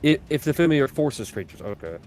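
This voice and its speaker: A man's voice: on the high side, sing-song, fairly quick, darkish tone, faint music behind. A man playing a tabletop game, talking casually and hesitantly and swearing a lot. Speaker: player.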